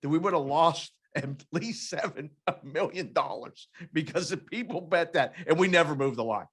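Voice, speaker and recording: A man co-hosting a betting podcast in casual chat, a former oddsmaker who tells an animated story and acts out the people in it. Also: on the high side, normal speed, breathy edge.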